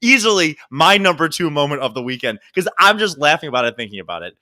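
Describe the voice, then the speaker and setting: A man with a bright, fairly high voice chats casually as a podcast co-host. He talks fast, telling joking stories with big pitch swings and frequent bursts of laughter.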